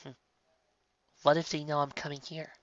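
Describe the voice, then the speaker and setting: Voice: mid-range voice, level tone, normal speed, no echo, lo-fi sound, natural voice. A narrator voicing a young unicorn mare who speaks in a hesitant, self-conscious way. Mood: wistful.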